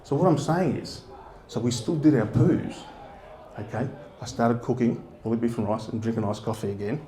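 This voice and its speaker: An Australian man doing stand-up on a festival stage, speaking into a stage microphone. His voice sits at an ordinary middle pitch. His rambling, story-driven delivery is broken by chuckles at his own lines, and the room carries a noticeable reverberation. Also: moderate pace, warm tone. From Darwin, Northern Territory. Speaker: stand-up comedian. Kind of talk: live stand-up set. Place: stage at a fringe festival venue. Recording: roomy live venue sound.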